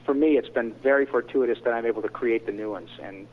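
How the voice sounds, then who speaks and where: A man's voice: mid-range voice, fast talker. A man who works as a voice actor, talking in a casual interview with frequent asides. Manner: chatty, frequent "you know" asides. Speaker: voice actor guest. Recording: dull lo-fi sound.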